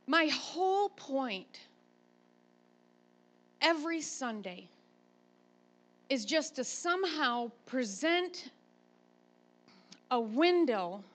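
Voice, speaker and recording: A woman pastor, a grandmother, preaching a sermon and telling a chatty, animated personal story. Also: sits high, drawn-out words, pauses often.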